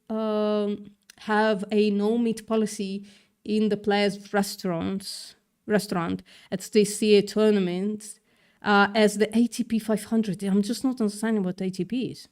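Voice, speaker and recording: A woman's voice: mid-range voice, darkish tone. Sarcastic woman reading news on a livestream. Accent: mixed, partly British-tinged. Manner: sarcastic, swears, stumbles while reading aloud. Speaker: livestream host. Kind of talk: casual news reading with commentary.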